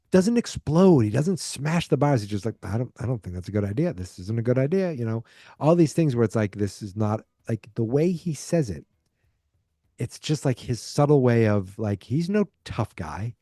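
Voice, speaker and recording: This man, an adult alive in 1986, hosts a podcast in a low, dark-toned voice recorded at studio quality with no room sound. His movie review wanders casually, with restarted sentences and lines acted out.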